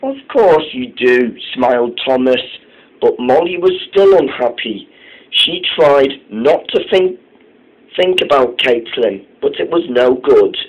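A young man narrating a train story, halting often and restarting his sentences. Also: medium pitch, lively intonation, highs cut off.

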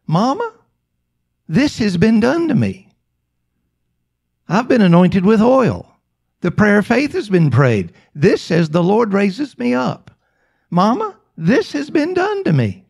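Male preacher doing a steadfast bedridden young woman, pitched up high, gravelly edge, insistent repetition. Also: wildly swooping pitch, takes it slowly, pauses often, darkish tone, exaggerated voice. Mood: pleading. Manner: insistent, repeating herself.

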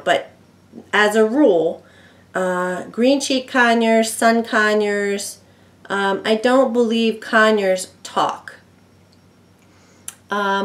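A woman chatting casually at home about her pet bird, meandering with ums and asides and talking softly to the bird now and then. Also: medium pitch. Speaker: bird owner vlogger. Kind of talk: casual explanatory chat.

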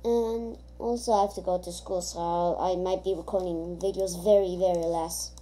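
Woman gamer, mellow tone, casual rambling commentary full of ums and restarts. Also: fairly low pitch, steady tone, moderate pace. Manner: rambling, thinking aloud with many hesitations.

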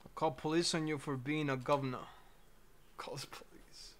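A man's voice: on the high side, fairly even intonation, quick pace. A young man streaming, teasing a chatbot with crude, mocking remarks. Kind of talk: casual livestream commentary.

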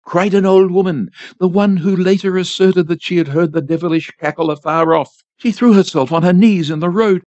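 A man reading a short story aloud in a measured, expressive way for a volunteer radio station. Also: high-pitched, no room sound. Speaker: volunteer reader. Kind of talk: audiobook narration. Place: home studio. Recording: dry, slightly dull home studio.

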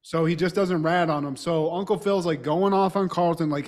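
Man, podcast co-host, slightly high voice, casual recap, acts out the quotes, swears a bit. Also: moderate pace, few pauses. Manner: relaxed storytelling, quoting characters, mild swearing. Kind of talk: casual chat recapping a TV episode.

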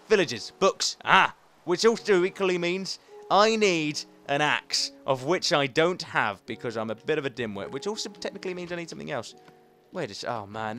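A man's voice: on the high side, fairly bright tone. A young man giving chatty, self-mocking commentary while playing a game, talking to himself as he goes. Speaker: gaming channel host. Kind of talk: casual let's play commentary.

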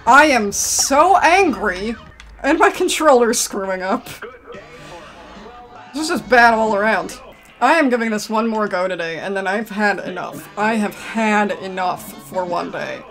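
A woman's voice: medium pitch, unhurried, a bit bright, faint music behind. A woman commentating a video game, grumbling with exasperation and breaking into sudden outbursts. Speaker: gaming commentator. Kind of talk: frustrated let's-play commentary.

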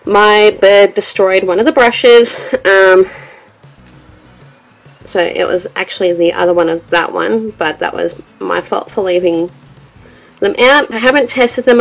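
A young woman talks through a relaxed beauty vlog, her voice nasal and stuffy. There's a gravelly edge of fry in her speech as she rambles on in a chatty way. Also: medium pitch. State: nasal from bronchitis. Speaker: beauty vlogger. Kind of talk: chatty get-ready-with-me vlog.

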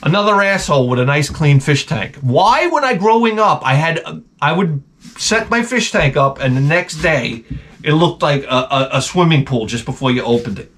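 A man hosting a comedy podcast, telling crude stories in a rambling, profane, deadpan way. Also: on the high side, moderate pace, a little hiss or hum. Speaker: podcast host.

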